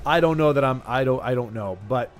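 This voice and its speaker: A man's voice: medium pitch, fairly quick, faint music behind. A man hosting a game stream in casual, rambling chat with many restarts and repeats. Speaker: streamer host.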